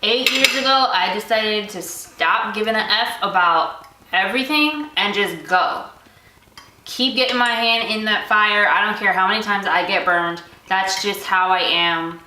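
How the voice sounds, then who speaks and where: A woman's voice: mid-range voice, measured pace, sharp tone. A young woman hosting her own vlog, chatting frankly and casually with loose asides. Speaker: vlog host. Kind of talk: casual chat. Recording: echoey room.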